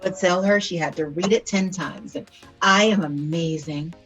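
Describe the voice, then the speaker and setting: A woman's voice: lowish voice, a little fast, slightly rough, lo-fi sound, soft background music. A woman hosting an interview over a video call, encouraging and reflective, with frequent short affirmations. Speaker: interview host. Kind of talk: supportive interview chat.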